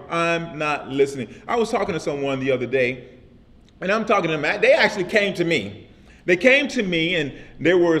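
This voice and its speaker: Casting: male pastor with a high voice, casual vernacular, repetitive call-and-response sermon delivery. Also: a bit bright. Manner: repetitive call-and-response preaching with frequent "amen?".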